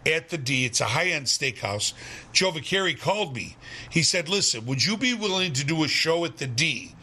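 Older male entertainer telling showbiz stories, bright and a touch high, animated with quoted voices. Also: moderate pace, husky. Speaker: entertainer and impressionist. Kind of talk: casual chat, storytelling.

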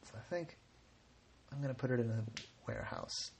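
A man's voice: medium pitch, fairly quick, gravelly, a little mellow, slight background noise, close to an everyday voice. A man voicing a worried, grateful client in a bedtime story, hesitant and rambling. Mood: relieved. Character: worried, grateful man cursed to shrink things.

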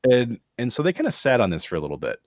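A man's voice: mid-range voice, huge pitch swings, fast talker, a little mellow, no echo, studio quality. A man co-hosting a podcast, telling stories in a wry, casual way with some swearing. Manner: wry, profane storyteller. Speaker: podcast co-host. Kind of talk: casual storytelling chat.

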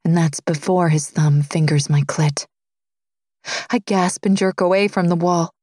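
A woman narrating a romance audiobook in the first person, with a low, intimate reading. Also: steady tone, a little slow, no room sound, clean studio sound. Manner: low, intimate reading, dropping softer for his lines.

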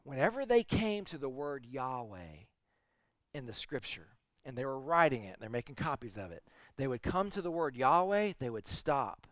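A man's voice: mid-range voice, sing-song, moderate pace, dry recording. Man preaching a dry, close-miked sermon. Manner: conversational storytelling preaching, swings from soft to emphatic. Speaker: teaching pastor.

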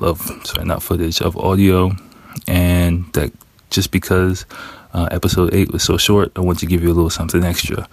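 A man's voice: deep voice, a little mellow. A young man hosting his own podcast from his living room sofa, talking in a laid-back, slangy way with casual swearing. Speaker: podcast host. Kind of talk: casual chat. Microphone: camera and phone on tripods.

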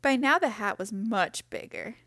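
A woman reading a children's picture book aloud in a gentle, expressive way. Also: on the high side, unhurried, dry recording, clean studio sound. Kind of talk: storybook read-aloud.

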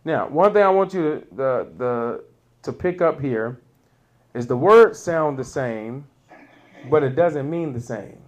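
With lively intonation and wide pitch swings, a man preaches at an unhurried pace. Between points he chuckles, and on key lines he jumps to loud peaks.

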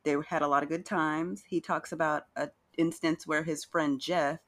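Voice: mid-range voice, fairly even intonation, moderate pace, a bit bright. A podcast co-host giving a chatty, casual recap of a reality show, with playful asides and acted-out quotes.

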